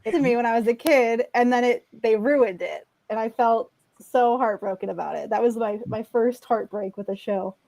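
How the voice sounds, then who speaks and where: A woman's voice: a little high, moderate pace, creaky, few pauses, warm tone. A woman co-hosting a casual chat, talking earnestly and laughing now and then. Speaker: podcast co-host.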